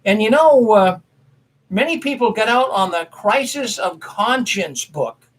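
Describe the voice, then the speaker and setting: A man's voice: sits high, lively intonation, a little slow, low-quality recording. A man hosting a casual commentary show, telling a story in a rambling, folksy way and correcting himself as he goes. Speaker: commentary host.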